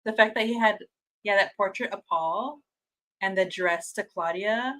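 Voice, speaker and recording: A woman hosting a fan watch-party stream, chatting casually and reading out viewer comments, gushing and excitable, laughing often and restarting her sentences. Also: medium pitch, measured pace, rough recording.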